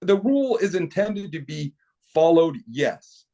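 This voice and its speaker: A man's voice: a little high, very animated, unhurried, creaky, warm tone. A middle-aged man talking as a podcast guest, telling stories animatedly with many restarts. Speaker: podcast guest, equipment company owner. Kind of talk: casual interview talk.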